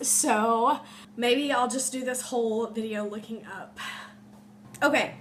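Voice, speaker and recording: A young woman, a teacher, talking in an emotional, halting way full of ums and likes, her voice congested as she recovers from illness. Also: on the high side. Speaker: teacher and vlogger. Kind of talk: emotional personal vlog to camera. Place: home room. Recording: faint room noise, space heater hum.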